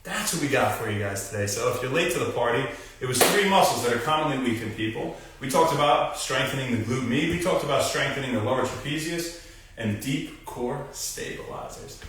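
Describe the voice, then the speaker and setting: A man's voice: mid-range voice, lively intonation, fairly quick, fairly bright tone, distant mic. A young man hosting a casual exercise demonstration as a physical therapist, who coaches viewers through core moves and talks to them directly. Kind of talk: live-stream exercise demonstration. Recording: very echoey room, voice off-mic at times.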